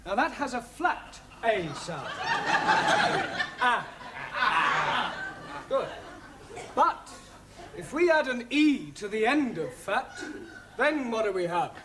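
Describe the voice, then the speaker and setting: An actor playing a patient, wry male English teacher who explains things slowly. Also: very high-pitched, huge pitch swings, a bit bright, a little hiss or hum, heavily acted.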